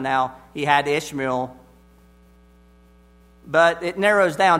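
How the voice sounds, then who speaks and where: Slow, deliberate male preacher. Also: fairly high pitch, fairly even intonation, pushed and bright. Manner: deliberate and emphatic, repeating key phrases. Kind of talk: expository sermon.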